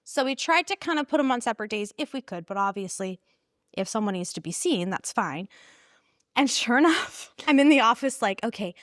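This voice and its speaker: A woman's voice: on the high side, brisk, no room sound, clean studio sound. Earnest woman retelling a story, laughing. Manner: warm, earnest, laughs often, animated retelling. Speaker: pregnancy center staff guest. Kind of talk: casual storytelling interview.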